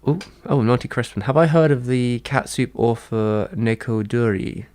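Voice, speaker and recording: A man's voice: mid-range voice, normal speed, a little mellow. A man chatting casually on a livestream, answering his chat in a rambling, hesitant way with many fillers and restarts.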